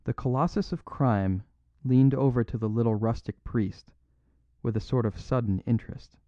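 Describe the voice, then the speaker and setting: A man narrating a classic story in a measured, even storytelling voice, in a dry, dull recording. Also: medium pitch, no echo. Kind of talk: audiobook narration.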